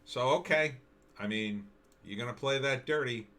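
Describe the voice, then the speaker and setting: A man's voice: mid-range voice, fairly bright tone. Indignant American man ranting on video. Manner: indignant, repetitive, halting with restarts. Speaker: political commentary vlogger. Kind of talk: solo commentary reacting to news and videos.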